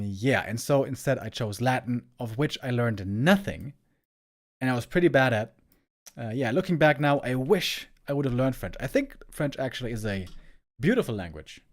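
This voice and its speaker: A German man with an American-tinged English accent, chatting casually with stream viewers as an esports caster, rambling and repeating words as he searches for them. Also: medium pitch. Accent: German with American-style English.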